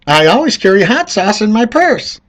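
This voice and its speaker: A woman's voice: mid-range voice, sing-song, normal speed, voice pushed up. A man putting on a mocking impression of a pandering female politician. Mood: fawning.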